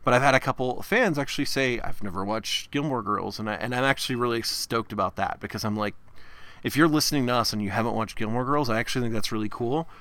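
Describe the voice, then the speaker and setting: Man, podcast co-host, bright voice, rambling casual chat. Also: medium pitch, quick pace, smooth, no echo. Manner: rambling, self-interrupting, laughs often.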